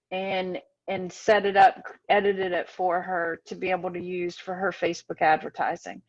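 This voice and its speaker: A woman talks casually as host of an online session, heard over a video call. Her voice comes through a little dull and lo-fi. She rambles and restarts herself as she goes. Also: mid-range voice. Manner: chatty, loses track and restarts. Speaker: webinar host.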